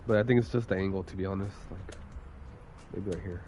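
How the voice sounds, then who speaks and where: This casual stream chat comes from a young man recovering from a cold who coughs occasionally. His low, fairly even voice runs a little fast over a very noisy recording, and he rambles and swears, saying "like" constantly.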